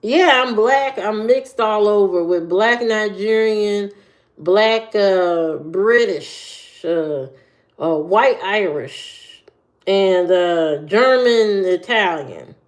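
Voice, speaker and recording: Hosting a casual livestream, an Indiana woman with a mid-range voice responds to viewers at an unhurried, drawn-out pace. Her talk wanders and loops back, repeating phrases as she works out her next words.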